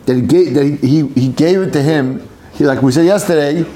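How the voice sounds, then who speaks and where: A man leading a casual Talmud study session. He reads the Aramaic text aloud and explains it in English, acting out the case with lively back-and-forth. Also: fairly high pitch, brisk.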